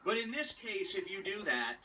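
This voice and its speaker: A man's voice: high voice, very animated, normal speed, pushed and bright, breathy edge, low-quality recording. A man hosting a show, ranting sarcastically and with a lot of swearing. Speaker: show host. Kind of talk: ranting commentary.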